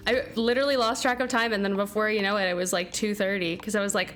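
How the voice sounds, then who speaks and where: A woman's voice: medium pitch, fairly even intonation, quick pace, a bit bright, soft background music. A young woman streaming a game who chats casually and bubbly with her viewers, thanking them by name. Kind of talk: casual livestream chat.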